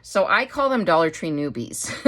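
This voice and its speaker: A woman's voice: mid-range voice, sing-song, unhurried, fairly bright tone. A middle-aged woman from Wisconsin chatting casually as a craft vlogger, rambling and laughing often. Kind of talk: casual chat.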